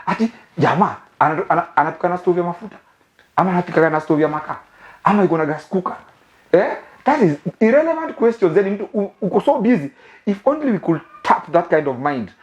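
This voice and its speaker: Kenyan male host, young adult, comic storyteller, lively swooping pitch, laughs a lot. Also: fast. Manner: animated, laughing, mixes English and Swahili slang. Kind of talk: comic monologue. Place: living room of a new house.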